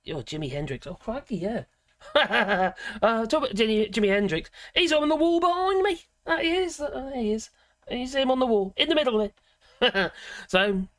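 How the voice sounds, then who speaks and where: Hosting a livestream, this woman reads out viewer comments in a loose, rambling chat, frequently stopping partway through a sentence and laughing. Her voice is fairly high and fairly bright, captured dry with clean studio sound.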